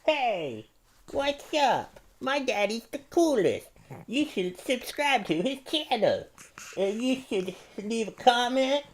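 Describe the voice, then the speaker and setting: A man voicing his infant daughter in a high, squeaky put-on baby voice, gushing with breathless delight. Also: big pitch swings, slow pace, exaggerated voice. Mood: sweet. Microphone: studio microphone.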